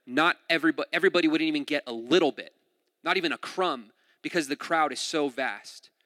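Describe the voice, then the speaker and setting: A man preaching a sermon in a relaxed, conversational way, often saying "like" and repeating words. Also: on the high side, fairly quick, no echo, studio quality, in a large hall. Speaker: pastor.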